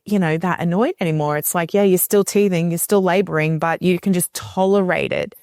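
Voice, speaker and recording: A woman with a low-pitched voice talks through homeopathic remedies as a podcast guest. She is animated and slips into little acted voices of fussy children and tired parents. The sound is dry and close. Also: fairly quick, no echo. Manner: animated, acts out quoted voices of kids and parents. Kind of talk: casual podcast conversation.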